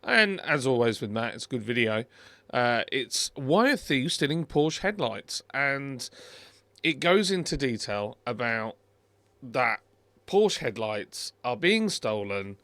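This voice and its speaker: A man's voice: mid-range voice, bright, forceful tone, no echo. A middle-aged British man hosting a car video, chatting casually and wryly over a screen recording, with many fillers and restarts.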